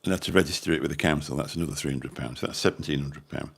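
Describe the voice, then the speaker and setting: Rumbling low with vocal fry and a husky texture, his voice moves very fast. This channel host from Birmingham, England, rambles chattily to livestream viewers, swearing mildly as he goes.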